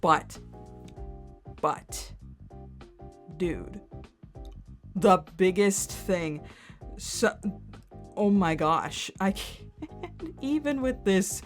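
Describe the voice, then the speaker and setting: A woman's voice: medium pitch, very slow, pauses often, soft background music. Giggly, rambling young woman streamer. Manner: excitable and rambling, many "like" fillers and giggles. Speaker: streamer reacting to content. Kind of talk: casual chat while screen-sharing.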